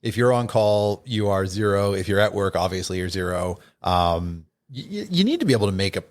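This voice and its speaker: A man with a fairly low voice, a doctor sitting in as a podcast guest. He talks in a relaxed, easy way, stumbling through restarts and fillers as he explains. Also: a little fast. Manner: laid-back, explains with frequent restarts and fillers. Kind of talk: casual podcast chat.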